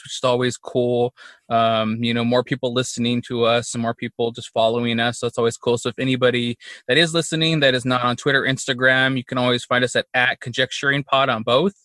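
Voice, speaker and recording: Man, podcast host, bright forceful voice, dry close sound, rambling with fillers. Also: mid-range voice, no echo. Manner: rambling with many fillers and laughs. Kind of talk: casual chat.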